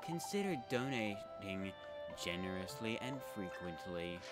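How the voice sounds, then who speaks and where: A man voicing a grandiose male temple tour guide, slow, hushed and ceremonious. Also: sits low, very animated, over loud music, voice pushed down. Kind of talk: reading game dialogue aloud.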